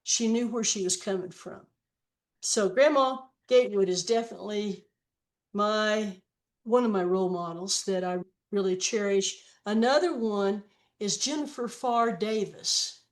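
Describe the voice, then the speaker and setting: A woman in her seventies, a guest author telling stories slowly and reflectively in a podcast interview. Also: medium pitch. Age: 70s. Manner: slow, reflective storytelling with long read-aloud quotes. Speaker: guest, author and trail hiker.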